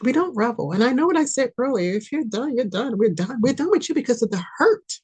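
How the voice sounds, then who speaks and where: A woman hosting a spiritual podcast, giving an impassioned reading that pleads and repeats itself, swinging from loud urging to soft near-whispers. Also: on the high side, big pitch swings, quick pace, slightly rough. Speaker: podcast host, spiritual reader.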